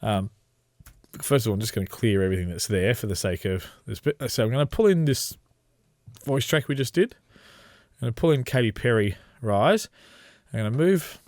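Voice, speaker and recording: A man walking through a software tutorial as a radio trainer, explaining step by step in a relaxed way with frequent ums. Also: on the low side, normal speed, pauses often, no room sound, studio quality.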